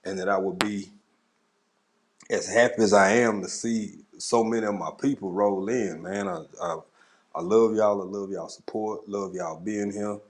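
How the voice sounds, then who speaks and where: A man's voice: fairly low pitch, fairly even intonation, normal speed. A man hosting a casual livestream, greeting viewers in the chat one by one in a laid-back way. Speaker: livestream host. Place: home at a camera.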